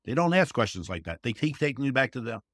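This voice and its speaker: A very animated, fast-talking man with a medium-pitched, slightly bright voice guests on a casual podcast. The service dog trainer is earnest and folksy, saying "you know" a lot and acting out quotes. The recording is dry and clean, studio-made.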